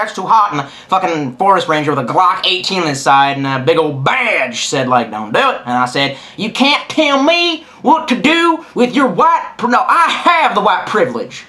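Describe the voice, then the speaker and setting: A man's voice: mid-range voice, pushed and bright. A young man talking straight to camera in a crude, sarcastic, rambling monologue full of profanity. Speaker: vlogger.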